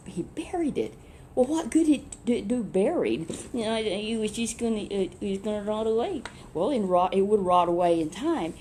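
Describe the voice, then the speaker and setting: A woman telling a children's Bible story in a lively, chatty way, with asides to a puppet. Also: medium pitch, normal speed, slight background noise.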